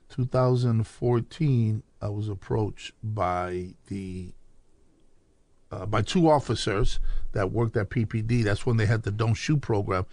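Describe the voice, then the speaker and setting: A man's voice: medium pitch, gravelly, a little mellow, no echo. A man from Chicago, a podcast guest telling his life story in casual talk, acting out quoted dialogue as he goes.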